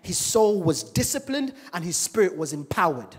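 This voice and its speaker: A male preacher giving a church sermon, animated and full of rhetorical questions to the congregation. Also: sits high, normal speed, husky. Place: church service. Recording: long reverb of a large church hall.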